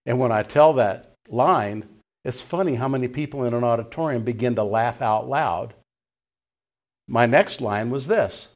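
A man's voice: mid-range voice, moderate pace. A middle-aged male pastor preaching a sermon, telling a story in a folksy way and acting out the dialogue.

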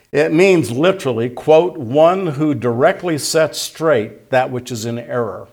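A man preaching a sermon. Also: mid-range voice. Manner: teaching, repeats key points, reads scripture aloud. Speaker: pastor.

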